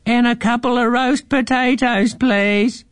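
A man voicing a small, nervous pink mouse with a squeaky high voice. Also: steady tone, a little slow, dry recording. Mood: calling.

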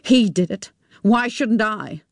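Upset middle-aged mom, pleading and defensive, slow delivery, dry sound, voiced by a woman. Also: mid-range voice, no echo. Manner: pleading, emotional.

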